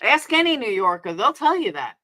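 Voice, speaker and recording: Streamer, woman, New York accent; high, sharp voice, angry profane rant at her chat. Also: sing-song, a little fast. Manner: heated, profane, confrontational, answering chat.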